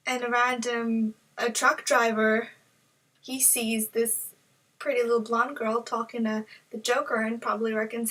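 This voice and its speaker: A young woman chatting casually on a vlog, joking and giggling as she goes. Her voice is bright and a little high. She sits somewhat back from the mic. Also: flat delivery, unhurried, far from the mic, rough recording. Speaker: vlogger. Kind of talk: casual chat.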